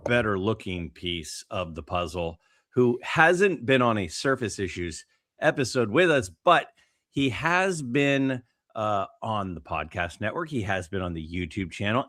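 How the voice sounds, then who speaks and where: A man with a lowish voice that swings widely in pitch, chatting on a podcast. He tells stories with many "like"s and restarts, recorded dry and close to the mic. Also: no room sound. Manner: animated, storytelling with many fillers. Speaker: podcast co-host. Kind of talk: casual podcast chat.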